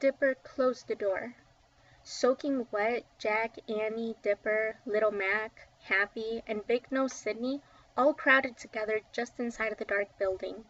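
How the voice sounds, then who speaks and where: A woman reading a children's book aloud with expressive, dramatic storytelling, recorded dull and a little distant from the mic. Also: on the high side, a little slow. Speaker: book reader.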